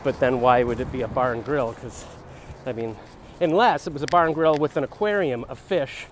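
A man's voice: mid-range voice, brisk, slight background noise. A young man rambling in a comic vlog outdoors on a city street, musing and free-associating, recorded on a handheld phone. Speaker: comedian vlogger.

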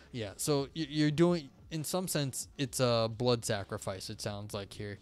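Male livestream host, middle-pitched, reads passages then muses loosely in asides. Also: fairly even intonation, unhurried, few pauses. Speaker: livestream host reading and analyzing texts. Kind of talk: reading aloud with casual commentary.

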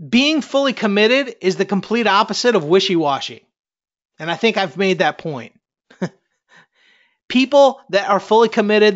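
A man's voice: high-pitched, fairly bright tone, highs cut off. A middle-aged man, a network marketing coach, giving a fiery, preachy motivational talk and challenging his listeners.

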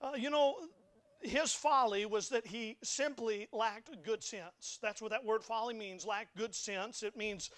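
A man's voice: high voice, measured pace, fairly bright tone. A young man preaching a sermon in a church, folksy and emphatic, often stammering and repeating words. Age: young adult. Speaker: pastor. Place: church sanctuary.

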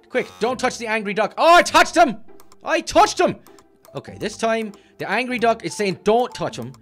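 A clumsy, hot-tempered cartoon leprechaun with a lilt, acted out by a man, bragging and grumbling as he plays a game. His pitch swings wildly from low mutters to high squeals. Faint music plays behind him. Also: a bit bright, exaggerated voice. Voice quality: boastful, bouncy, quick to get annoyed. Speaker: let's-play host. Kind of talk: cartoon character game commentary.

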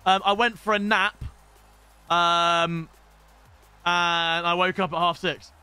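A young man streaming live and chatting casually while opening packs in a football game, excitable and sweary. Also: sits high, takes it slowly, clean tone, soft background music. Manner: excitable, shouts at pack pulls, swears.

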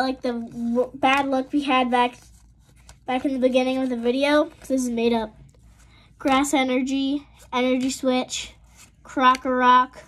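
A woman with a high voice talks slowly through a card unboxing. She reads each card name aloud in a list and breaks into excited exclamations at the good pulls. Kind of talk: casual unboxing commentary.

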